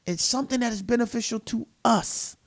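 A man's voice: very high voice, a little fast, gravelly. A man co-hosting a Christian talk show, speaking in an earnest, emphatic, preacherly way. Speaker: co-host. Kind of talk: Christian podcast conversation, preaching manner.

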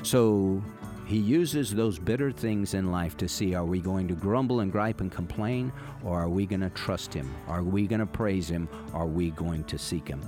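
A man's voice: sits low, moderate pace, over music. An older man, a pastor and radio host, preaching emphatically with repeated rhetorical questions on a close studio mic. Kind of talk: radio sermon.

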